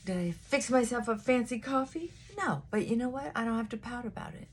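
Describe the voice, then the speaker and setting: A woman's voice: on the high side, expressive, fairly quick, a little hiss or hum. A woman vlogging a casual morning chat, sassy and chatty, short on sleep and punchy, giving herself a pep talk.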